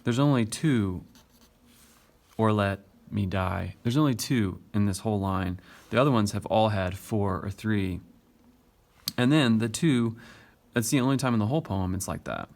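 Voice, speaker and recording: Male teacher, low gravelly voice, patient step-by-step poetry lesson. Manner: explains step by step, taps out stressed beats. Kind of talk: recorded classroom lesson on poetry.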